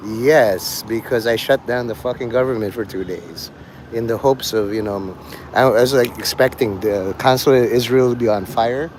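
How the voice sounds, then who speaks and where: A man's voice: medium pitch, normal speed, a little mellow, a little hiss or hum. Profane, joking man livestreaming. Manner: profane, joking, laughs often. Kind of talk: rambling livestream chat.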